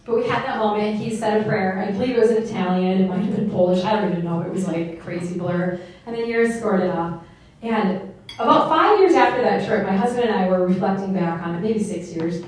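Woman in her 40s, lively storyteller giving a talk, far from mic, very echoey room. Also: mid-range voice, a little fast. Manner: animated, laughing storyteller. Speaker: speaker. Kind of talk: talk to a live audience.

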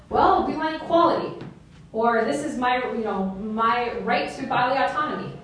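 Woman in her 40s, lively storyteller giving a talk, far from mic, very echoey room. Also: fairly high pitch, slight background noise. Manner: animated, laughing storyteller. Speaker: speaker. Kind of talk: talk to a live audience.

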